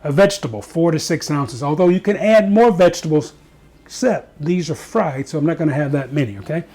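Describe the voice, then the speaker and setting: Guy with a slightly high voice doing a laid-back home cooking demo, chatty and goofy, faint frying in the kitchen behind him. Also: fairly quick, dark tone, a little hiss or hum. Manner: chatty, self-joking, talks to viewers while cooking. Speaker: cooking show host. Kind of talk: casual cooking demonstration.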